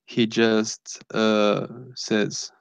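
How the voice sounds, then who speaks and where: A man's voice: on the low side, completely flat delivery, very slow, vocal fry, smooth, dry recording, rough recording. A man narrating as game master of a tabletop game, describing scenes with frequent fillers.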